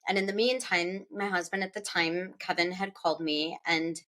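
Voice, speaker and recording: A middle-aged woman, an author being interviewed, recounting a personal loss in a halting, emotional way, with restarts and pauses and her voice rising at the hardest moments. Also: on the low side, fairly even intonation, fairly bright tone. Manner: halting, with restarts and pauses; voice rises when recalling distress.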